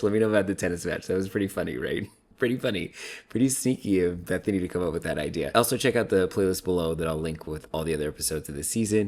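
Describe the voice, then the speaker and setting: A man casually commenting on a reality TV episode, chatty and laughing often, with lots of fillers. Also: sits low. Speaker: reality TV recap host.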